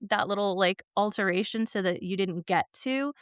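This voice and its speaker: Host: smooth-voiced woman, reflective and careful with words, dry sound. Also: mid-range voice, moderate pace, no room sound. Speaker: podcast host. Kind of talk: casual interview chat.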